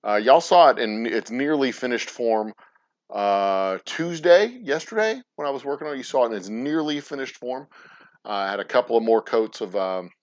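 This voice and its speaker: A man with a lively, mid-range voice hosts a distillery livestream at a moderate pace, speaking into a plugged-in desk mic with lo-fi sound. He rambles casually, curses, and often stumbles and restarts his sentences.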